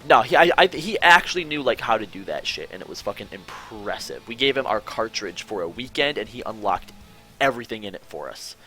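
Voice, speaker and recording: A fairly low-pitched podcast host talks fairly quickly over soft background music during a casual call for his online show. His chat and stories are animated and rambling, with lots of restarts and swearing.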